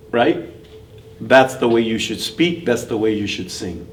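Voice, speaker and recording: An older man giving a vocal workshop, demonstrating his technique by switching between nasal and clear tones. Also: mid-range voice, lively intonation, slow pace. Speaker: mariachi vocal instructor. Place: school room during workshop. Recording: distant mic with faint room noise.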